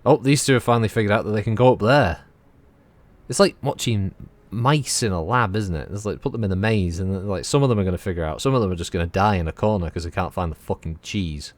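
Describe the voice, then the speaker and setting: A man's voice: lowish voice, fast. A man streaming a video game, chatting casually and joking with his viewers, swearing freely as he plays. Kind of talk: casual gameplay commentary.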